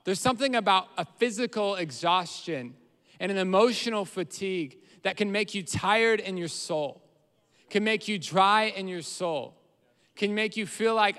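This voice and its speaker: Pastor, male, bright high voice, smooth and clear, earnest preaching style, reverberant church hall. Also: expressive, normal speed. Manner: earnest preaching, rises in volume on quoted prayers. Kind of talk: sermon.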